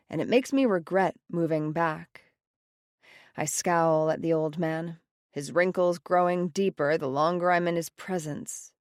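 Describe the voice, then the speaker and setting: A woman with a fairly low voice reads first-person audiobook narration in a wry, sardonic tone. The sound is close and bone-dry, a studio read with no room around it. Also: no echo. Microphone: close studio mic, dry.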